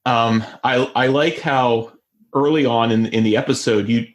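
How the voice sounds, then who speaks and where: Speaking at a normal pace in a steady, mid-range voice, this man co-hosts a podcast. The talk is loose and casual, full of fillers and restarts as he rambles.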